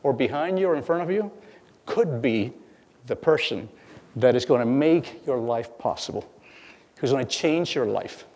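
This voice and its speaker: A middle-aged man giving a lecture as guest speaker, telling stories with halting repeats and acting out bits of dialogue. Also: mid-range voice, darkish tone. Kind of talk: lecture storytelling. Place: lecture hall. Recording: long hall reverb.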